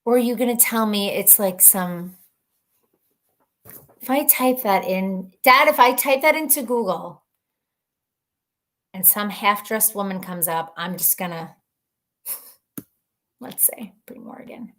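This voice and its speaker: A woman's voice: medium pitch, lively intonation, a little slow, pauses often. Chatty woman hosting a live stream. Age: adult mother of children. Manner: chatty and rambling, laughs often, thinks out loud. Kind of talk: casual live-stream chat, reading viewer comments aloud.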